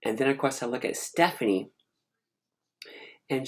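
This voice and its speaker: A woman casually recounting a dream in an animated, rambling, digressive way. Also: rumbling low, moderate pace. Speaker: storyteller. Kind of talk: casual storytelling.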